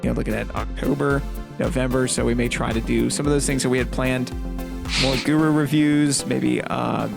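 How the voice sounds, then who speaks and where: Gravelly man with music behind. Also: medium pitch, fairly even intonation, moderate pace. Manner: easygoing, jokey banter. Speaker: podcast co-host and small business owner. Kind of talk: casual podcast chat.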